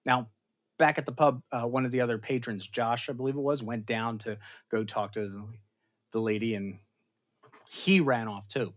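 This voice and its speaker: A man hosting a casual pop culture show, retelling a TV episode in an animated, rambling way with big jumps in pitch and loudness. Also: normal speed, muffled recording. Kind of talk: casual episode recap livestream.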